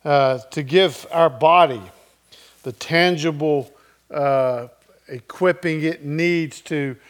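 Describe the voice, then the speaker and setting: A man's voice: a little high, takes it slowly. Storytelling middle-aged male pastor. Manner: conversational storytelling, checks in with listeners; swings between loud and very soft. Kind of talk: sermon.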